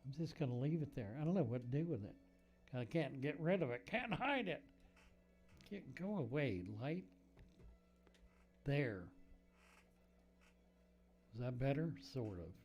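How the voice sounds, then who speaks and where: A man's voice: mid-range voice, a little mellow. A man hosting a casual fishkeeping livestream from his home, answering viewer questions and thinking aloud while he fiddles with his microphone. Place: home room with fish tanks. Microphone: desk microphone.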